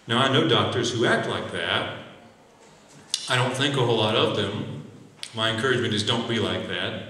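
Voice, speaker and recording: An American physician lectures medical students in an echoey hall, earnest and exhorting, acting out doctor-patient examples. His medium-pitched voice is a bit bright and picked up by a distant mic.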